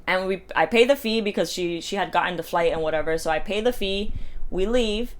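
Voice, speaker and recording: A woman's voice: mid-range voice, a little fast. A young American woman in her twenties telling a story to her phone camera in a casual chatty way, filling her speech with "like" and acting out the voices of other people. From United States. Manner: chatty, heavy use of "like", acts out quoted voices. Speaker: vlogger.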